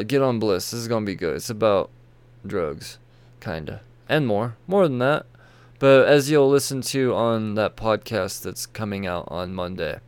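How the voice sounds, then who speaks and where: Man, solo podcast host, gravelly voice, animated pitch, tired, rambling and profane. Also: no echo. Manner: rambling, profane, self-interrupting. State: tired, yawning. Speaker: comic book podcast host. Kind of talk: casual solo podcast chat. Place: home room with toy shelves behind.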